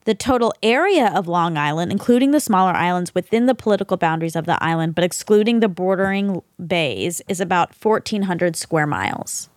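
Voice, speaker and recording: Playful, lively-voiced female co-host. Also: lowish voice, brisk, hardly any pauses, dry recording, clean studio sound. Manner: playful, teasing, lively intonation. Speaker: podcast co-host. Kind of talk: casual chat and reading fact-checks.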